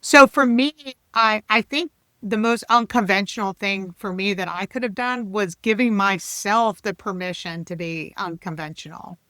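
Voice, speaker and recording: A woman's voice: mid-range voice, moderate pace, dry recording. A woman in her fifties, a leadership coach chatting animatedly as a podcast guest. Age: 50s. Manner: chatty and animated, with laughs and restarts. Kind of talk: casual podcast interview.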